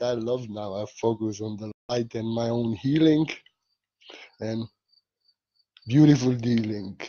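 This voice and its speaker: Man, spiritual teacher, gentle rambling talk, broken english, middle pitch, dull lo-fi sound. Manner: gentle, rambling, halting non-native English.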